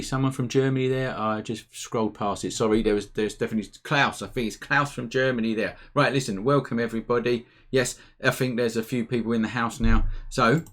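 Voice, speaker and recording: A man hosting a casual live photography Q&A from home, chatty and upbeat. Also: mid-range voice. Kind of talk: casual live-stream chat. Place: home room, indoors.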